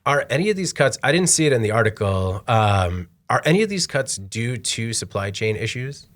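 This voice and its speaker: A man's voice: medium pitch, very animated, moderate pace, fairly bright tone. A man co-hosting a manufacturing podcast, chatting casually and poking fun at himself. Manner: self-deprecating, joking. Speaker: podcast co-host. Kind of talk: casual chat.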